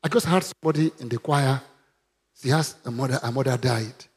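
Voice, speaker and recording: A man's voice: mid-range voice, fairly quick, a little mellow. A man preaching a sermon, emphatic and calling on the congregation to repeat after him. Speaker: pastor.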